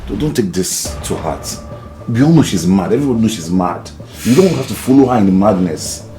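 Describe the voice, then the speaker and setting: An actor with a Nigerian accent playing a man who pleads with two women to calm down. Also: lowish voice, brisk, lightly acted. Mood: placating. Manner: pleading, placating. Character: harried young man trying to calm a fight.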